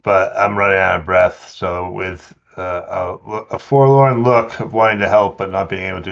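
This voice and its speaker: A man's voice: low voice, fairly even intonation, moderate pace, creaky, few pauses, highs cut off. A man playing a tabletop game, hesitantly checking rules before he acts. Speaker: player.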